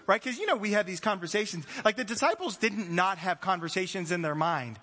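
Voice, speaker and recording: Man, preacher, high voice, animated, playful, acts out voices, sermon in a church hall. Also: brisk, hardly any pauses. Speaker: pastor. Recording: long hall reverb.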